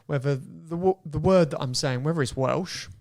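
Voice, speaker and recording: A man's voice: a little high, normal speed, vocal fry, darkish tone. A man with a Cockney accent and an Australian twang, hosting a podcast in a jokey, upbeat way. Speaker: podcast host. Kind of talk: casual podcast interview.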